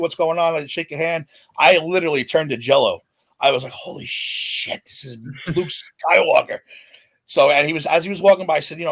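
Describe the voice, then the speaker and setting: A man in his forties, a podcast guest, telling a celebrity story in an excited, animated way. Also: on the high side. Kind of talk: casual storytelling.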